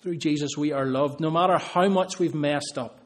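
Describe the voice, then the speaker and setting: A man preaching a sermon in a somewhat high voice. He speaks earnestly and builds his points by repeating phrases. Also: normal speed.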